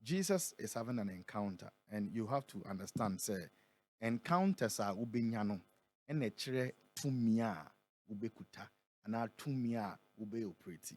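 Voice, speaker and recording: A Ghanaian man who is a prophet, speaking in a radio interview and reading scripture aloud, slowing down and building on the key words. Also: on the low side, animated. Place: radio studio.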